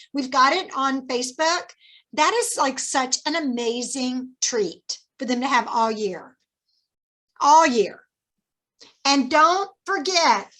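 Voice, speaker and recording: A woman's voice: sits high, pushed and bright. A woman giving an upbeat, emphatic sales training pep talk. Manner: upbeat, coaching, emphatic repetition.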